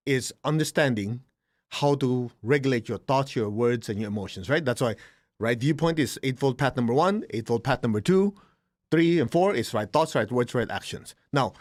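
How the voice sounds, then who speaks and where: A man's voice: medium pitch, no room sound, studio quality. A middle-aged man giving an informal spiritual lesson, talking directly and acting out complaining students. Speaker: spiritual teacher.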